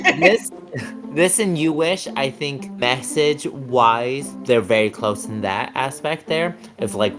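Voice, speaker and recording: Male panelist, hesitant and casual, with faint music behind. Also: fairly low pitch. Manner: hesitant, many fillers. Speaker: podcast panelist. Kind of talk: casual group chat.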